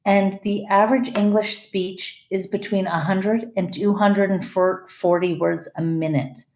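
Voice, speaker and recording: A woman teaches a class in a mellow voice, explaining step by step and often pausing to correct her own wording. She is heard in an echoey room, and the sound is slightly dull. Her pitch sits in the middle range. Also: fairly even intonation. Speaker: lecturer. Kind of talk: classroom lecture.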